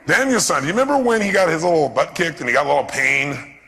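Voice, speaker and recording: Guy with a gravelly, fairly high voice giving a seminar, keeps asking the crowd stuff, big echoey hall. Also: fast. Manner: lively, keeps quizzing the audience with questions. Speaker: seminar speaker. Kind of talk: live seminar talk to an audience. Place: large hall with an audience. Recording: echoey hall with long reverb.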